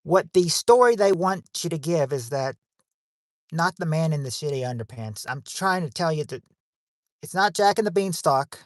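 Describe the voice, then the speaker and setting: A man's voice: on the high side, animated, moderate pace, no room sound. Dry-sounding man hosting a joking livestream game. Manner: joking, rambling, crude wisecracks. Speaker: game show host.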